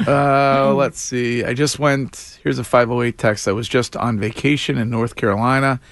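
A man's voice: mid-range voice, normal speed, no echo. A man hosting a morning radio show, bantering and reading listener texts aloud. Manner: reads listener texts, animated.

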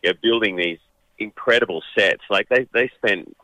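Aussie guy, low voice, bright punchy tone, dry close sound, chatty radio guest. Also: no room sound, poor audio. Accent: Australian. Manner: animated, quick, frequent restarts. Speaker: actor and voice-over artist, radio guest. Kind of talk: chatty anecdote telling.

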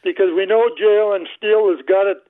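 A man's voice: high-pitched, steady tone, fairly quick, dry recording. A man calls in to a radio show and speaks in a friendly, fond way. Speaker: caller. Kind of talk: call-in radio chat. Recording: tinny phone line.

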